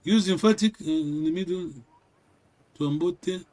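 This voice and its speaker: A man with a notably high voice leads an informal language class. He talks in a halting way, repeats himself and stops often to check that his students follow. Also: sing-song, gravelly, a little mellow. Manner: halting, repeats words, keeps checking with "yes?". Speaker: language teacher.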